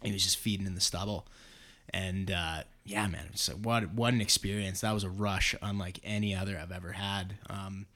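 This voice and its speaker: Lower-voiced man, casual storyteller, swears often and acts out quotes. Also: steady tone, normal speed, a bit bright. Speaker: guest telling a hunting story. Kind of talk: casual podcast chat.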